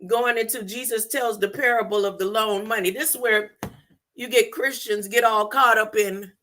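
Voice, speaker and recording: A woman's voice: on the high side, fairly even intonation, normal speed, bright, forceful tone. A woman hosting a podcast, teaching scripture informally in a conversational way and retelling the story in her own words. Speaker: podcast host.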